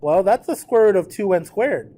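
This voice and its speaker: A fairly high-voiced man teaching a math lesson in a classroom. He talks in a chatty, informal way, keeps asking the students if they're okay, and slows right down whenever he reads out numbers. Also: lively intonation, mellow. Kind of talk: classroom lecture on trig notes.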